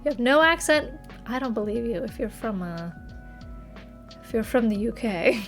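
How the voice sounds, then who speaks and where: A young woman with a northern US accent chats on a livestream, her fairly high voice bright with giggles as she banters with viewers. She talks into a desk mic with faint music underneath. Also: expressive, normal speed. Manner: chatty, giggly, answers viewer chat playfully. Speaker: streamer. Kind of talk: casual livestream chat. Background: faint background music.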